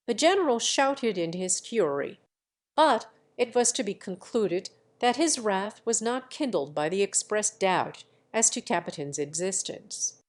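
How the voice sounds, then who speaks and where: A woman narrating a classic novel in a measured, deliberate reading. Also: mid-range voice, lively intonation. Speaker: audiobook narrator.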